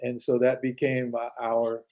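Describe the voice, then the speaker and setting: A man's voice: medium pitch, monotone, measured pace, mellow, lo-fi sound. An older man telling anecdotes as an interview guest, acting out quoted dialogue with frequent restarts. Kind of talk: casual storytelling interview.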